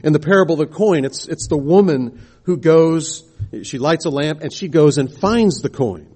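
A man with a slightly raised, husky voice delivers a sermon. He works through a scripture passage verse by verse and keeps asking rhetorical questions. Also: on the high side, normal speed, dark tone. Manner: expository, asks the congregation rhetorical questions. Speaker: preacher.

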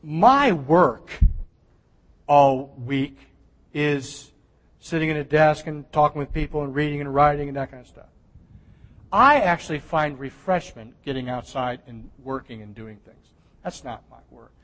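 A man preaching a sermon with emphatic, animated delivery that swings from loud stresses to hushed asides. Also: on the high side, a little slow. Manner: animated, emphatic preaching with sudden drops to near-whisper. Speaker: pastor. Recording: long hall reverb.

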